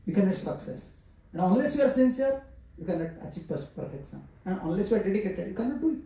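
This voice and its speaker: Emphatic monk preaching in an echoey hall. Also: male voice, high voice, animated, fast talker, mellow, distant mic. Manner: emphatic, repeats key words in threes. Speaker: monk giving a scripture class. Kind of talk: sermon.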